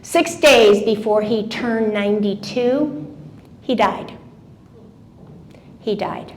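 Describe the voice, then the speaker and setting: A woman in her seventies giving a lively talk to a seated audience, asking them questions directly. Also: medium pitch, slow, a little hiss or hum. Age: 70s. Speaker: motivational speaker. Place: event room with a seated audience.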